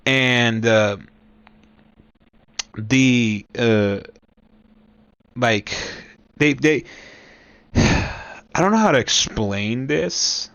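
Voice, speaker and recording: A young man talks through a film's story in a loose, rambling way, circling back on his words and checking in with the listener. He speaks slowly in a middle-pitched, smooth, resonant voice. The sound is dry, with no room echo. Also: fairly bright tone. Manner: rambling, lots of restarts and "you know what I mean". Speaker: movie reviewer. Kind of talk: casual movie recap.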